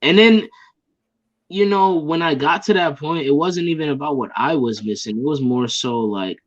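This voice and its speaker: A man answering interview questions as a guest artist, thinking aloud in a searching way with many fillers. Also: a little high. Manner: slow, searching, filler-heavy. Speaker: independent rap artist, guest. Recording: dull lo-fi sound.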